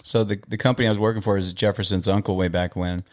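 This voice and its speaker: Low-voiced man telling loose, slangy stories. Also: fairly even intonation, quick pace. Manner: loose, slangy storytelling with laughs. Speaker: podcast co-host. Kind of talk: casual chat.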